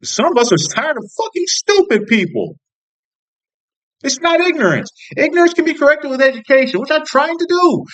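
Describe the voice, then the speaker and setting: Very high-pitched and sing-song, a bit bright and at normal speed, a young man from the US vents in a vlog about politics. He curses nonstop, rambles out of frustration and repeatedly starts his sentences over.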